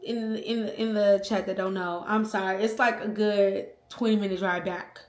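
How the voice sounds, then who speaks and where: A young woman vlogger telling a personal story in a casual, slangy, animated way, acting out the quotes. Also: medium pitch, normal speed. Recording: echoey room.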